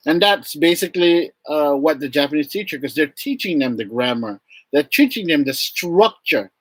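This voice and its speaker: Animated man, dry close sound. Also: no room sound. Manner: animated, acts out classroom exchanges with big pitch jumps. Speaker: English teacher in Japan. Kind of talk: casual live stream chat.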